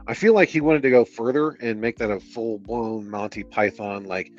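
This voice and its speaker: Low-voiced sardonic streamer reading a novel aloud, quick to swear, on a muffled mic. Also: male voice, a little mellow, no room sound, faint music behind. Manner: exasperated, sarcastic, swears a lot. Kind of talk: reading aloud with profane commentary.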